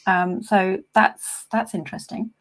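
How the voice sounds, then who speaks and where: A woman's voice: medium pitch, fairly even intonation, unhurried, a bit bright. A woman hosting a casual interview from her office, friendly and hesitant with frequent ums. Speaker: host.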